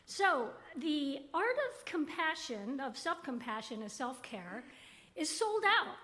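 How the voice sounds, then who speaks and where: A woman's voice: high-pitched, big pitch swings, takes it slowly, noisy background. A woman giving church announcements in an upbeat, joking way. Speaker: announcements presenter at a spiritual center.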